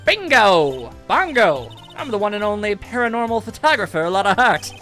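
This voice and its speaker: A brash young photographer with a high, bouncy Southern twang, as a man plays her. She talks loud and bubbly, all sparkle and swagger, in a bright, lively game-character voice. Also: normal speed, soft background music, heavily acted. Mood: eager.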